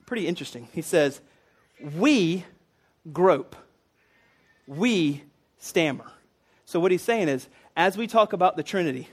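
A preacher with a high-pitched voice delivers a sermon, speaking conversationally and earnestly. He drops in casual asides and fillers while explaining his points.

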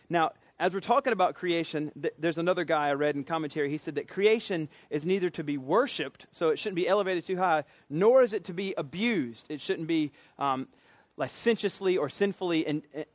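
A man's voice: fairly high pitch, dry recording. Southern man preaching a casual sermon. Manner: conversational and folksy, self-deprecating asides. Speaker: pastor teaching a doctrine class.

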